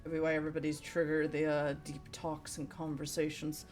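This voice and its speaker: A woman livestreaming a game, chatting casually with her viewers, swearing often and reacting loudly as she plays. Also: sits low, completely flat delivery, a little fast. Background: faint game music.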